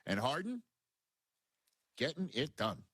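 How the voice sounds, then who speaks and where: A man's voice: a little high, sing-song, slow pace, a bit bright, slightly rough, no room sound. A man with a New York accent hosting sports talk radio in a studio, making emphatic, repeated points. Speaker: radio host. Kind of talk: sports talk radio, reading live ads. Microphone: studio microphone.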